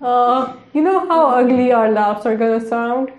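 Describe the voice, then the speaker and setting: Giggly chatty woman, slightly high voice. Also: measured pace, a little hiss or hum. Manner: chatty, giggly, lots of fillers. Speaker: podcast co-host. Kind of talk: casual podcast chat. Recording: roomy echo.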